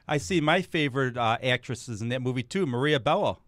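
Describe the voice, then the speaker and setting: A man's voice: medium pitch, animated, fairly quick, a bit bright, no echo. A man co-hosting a sports talk show, asking wisecracking, gossipy questions. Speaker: co-host. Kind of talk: casual sports talk interview.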